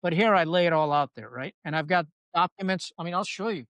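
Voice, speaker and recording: A man's voice: on the high side, fast, dry recording. Blunt, salty man telling war stories. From Pakistan. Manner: blunt, salty, animated storyteller. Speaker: podcast guest, retired Marine officer. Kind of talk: candid conversational storytelling.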